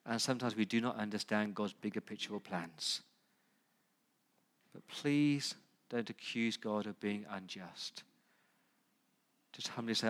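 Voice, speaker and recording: A man's voice: on the low side, unhurried, pauses often. Man preaching an impassioned sermon. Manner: impassioned preaching, building through loud repeated lists; pleading, direct questions to the listeners. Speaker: pastor.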